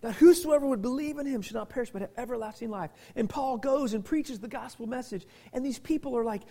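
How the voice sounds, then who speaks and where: Male pastor, sermon, emphatic, repeats himself, loud then hushed. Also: very high-pitched, fast talker, hardly any pauses. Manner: emphatic, swings from loud bursts to near-whispers; restarts and repeats words often.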